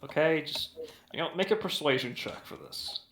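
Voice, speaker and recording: A man's voice: on the high side, lively intonation, normal speed, gravelly, fairly bright tone, slight background noise. A man running a tabletop game as game master, narrating hesitantly with many fillers. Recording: echoey room.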